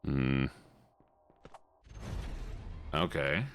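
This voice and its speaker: A man's voice: a bass voice, steady tone, drawn-out words, a bit bright, slight background noise. A man streaming a game live, who is playful as he reads viewer messages aloud and answers them in casual chat.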